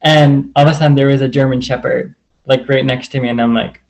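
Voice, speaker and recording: A man's voice: mid-range voice, fairly even intonation, fast talker, gravelly, a little mellow, poor audio. A man sharing personal stories in a casual, earnest way, rambling and leaning on the filler "like" over and over. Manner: rambling, heavy use of "like" fillers; earnest and open.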